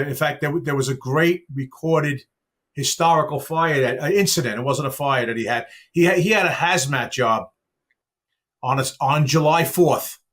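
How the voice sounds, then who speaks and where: Animated storytelling man, higher voice. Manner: animated storyteller with chuckles and asides. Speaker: podcast host. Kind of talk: casual chat.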